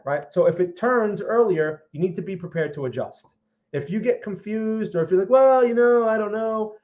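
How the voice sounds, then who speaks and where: A man hosts a live market analysis stream in a fairly high voice. He talks emphatically and keeps checking in with his viewers. The audio is a little dull and lo-fi. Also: a little mellow. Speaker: trading analyst host.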